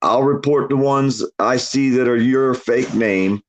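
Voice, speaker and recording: A man's voice: mid-range voice, unhurried. A man chatting casually on a livestream, a boastful storyteller who swears a lot and laughs often. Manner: lively, swinging delivery. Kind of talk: casual chat.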